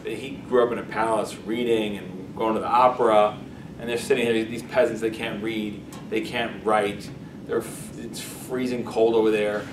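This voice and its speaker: Casual rabbi telling a story. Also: male voice, fairly low pitch, flat delivery, moderate pace. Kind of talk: storytelling lesson. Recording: echoey room, distant mic, noisy.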